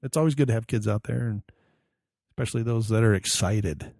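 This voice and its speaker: A man's voice: on the low side, brisk, creaky, darkish tone, dry recording, studio quality. A man co-hosting a podcast in casual chat, a rambling storyteller who acts out the voices of people in his anecdotes. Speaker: podcast co-host.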